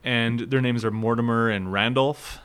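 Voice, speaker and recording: A man's voice: medium pitch, steady tone, normal speed, a bit bright, smooth. A man from Minnesota in his thirties co-hosting a casual podcast chat, laughing often and swearing freely. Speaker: podcast co-host.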